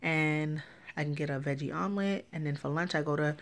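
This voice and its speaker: A woman's voice: low-pitched, brisk. A pregnant young woman vlogging a casual story time, ranting with lots of swearing and acting out the people she quotes. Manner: animated, profane ranting with lively quoted dialogue.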